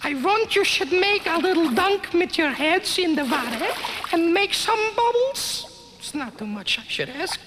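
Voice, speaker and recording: An actress voicing a fussy woman swim instructor who speaks in halting broken English, heard in a noisy cartoon clip. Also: very high-pitched, expressive. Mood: coaxing.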